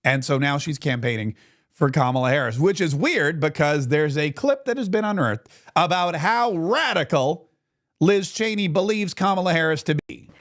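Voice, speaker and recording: A man hosts a talk show in an animated, mocking tone. His pitch sits a little high for a man and swings widely as he riffs. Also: moderate pace. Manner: animated, mocking, fumbles with clips on air. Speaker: radio talk show host.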